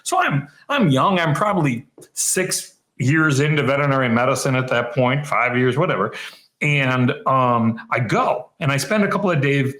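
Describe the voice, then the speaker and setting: A middle-aged man tells an anecdote in a loose, rambling way, stopping now and then to fix details. His pitch sits at an ordinary middle. The recording has a noticeably echoey room sound. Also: lively intonation, moderate pace, fairly bright tone. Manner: rambling anecdotal storyteller, self-correcting. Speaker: interviewer, practice marketing co-founder. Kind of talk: casual storytelling interview.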